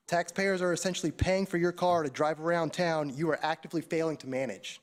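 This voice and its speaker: A man, a tax professional, delivering a prepared, scathing public comment that accuses the town council. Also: on the high side. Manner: scathing, accusatory, read-out speech.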